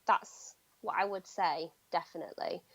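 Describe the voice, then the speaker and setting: Lively woman on a podcast. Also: lowish voice, normal speed, dry recording, lo-fi sound. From Yorkshire, England. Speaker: podcast guest, blogger. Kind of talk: casual chat.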